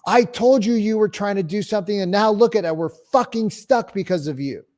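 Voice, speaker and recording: A man giving an energetic real estate sales training talk, acting out calls and clients and swearing casually. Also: high-pitched, fairly quick.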